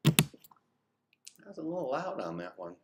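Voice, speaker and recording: A man's voice: medium pitch, big pitch swings, moderate pace, warm tone, a little hiss or hum. A man hosting his own live stream, chatting to himself as he edits, close on his mic with headphones on. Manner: chatty, talks to himself as he works. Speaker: video creator and host. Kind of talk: live-stream commentary while editing. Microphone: headphones on, mouth close to the mic.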